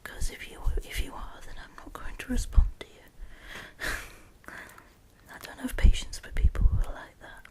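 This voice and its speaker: A woman's voice: a little slow, pauses often, warm tone. A woman, whispering a discussion vlog close to the microphone at home late at night, rambling with frequent restarts. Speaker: YouTuber.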